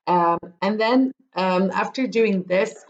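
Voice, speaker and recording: Podcast host, young woman, casual rambling chat, mid-pitched voice, muffled home mic. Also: slow. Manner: rambling, many ums and restarts.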